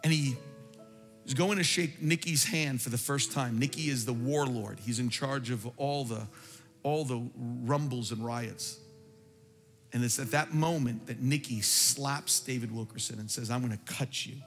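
A man's voice: mid-range voice, a little slow, fairly bright tone. A man preaching a sermon, telling a story with fervent, emphatic delivery. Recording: reverberant hall with faint music.

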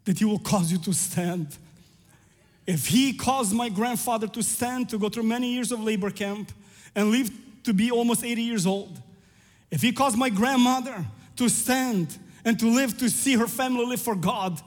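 A man's voice: extremely high pitch, normal speed, big-room sound. A man in his thirties preaching a sermon, telling a family story and building to fervent climaxes.

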